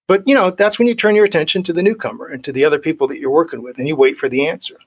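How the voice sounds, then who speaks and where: A man's voice: medium pitch, animated, very fast, hardly any pauses, breathy edge. A middle-aged man in his forties, a guest telling a personal recovery story, acting out the dialogue he quotes.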